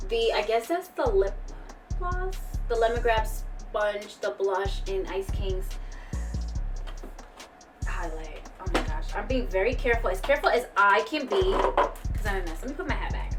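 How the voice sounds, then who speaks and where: A woman's voice: a little high, distant mic. A woman beauty vlogger gushing and exclaiming as she unboxes makeup, swearing casually as she goes. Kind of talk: excited unboxing chat.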